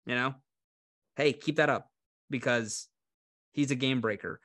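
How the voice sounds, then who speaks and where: A man's voice: medium pitch, unhurried, fairly bright tone. A man co-hosting a casual sports betting chat, opinionated and sarcastic as he makes his football picks. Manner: puts on a mock Cleveland accent at times. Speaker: podcast co-host making football picks.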